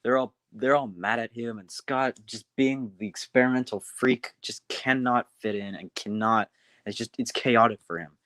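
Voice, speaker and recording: Male streamer, casual storyteller, rambling and halting, dry sound. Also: medium pitch, a bit bright, dry recording. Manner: rambling, many restarts and fillers.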